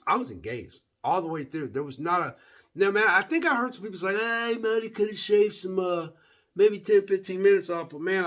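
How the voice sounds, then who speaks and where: Rambling male movie-review vlogger, lively sing-song delivery. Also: a little high. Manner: rambling, repeats words, says "man" often; folksy, animated. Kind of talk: casual movie review chat.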